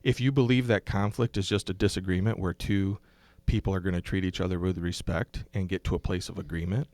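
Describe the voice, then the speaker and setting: Low-voiced man, thoughtful pastor guest. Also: fairly even intonation, fairly quick, a little mellow, dry recording. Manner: thoughtful, explanatory, with frequent ums and restarts. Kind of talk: casual podcast conversation.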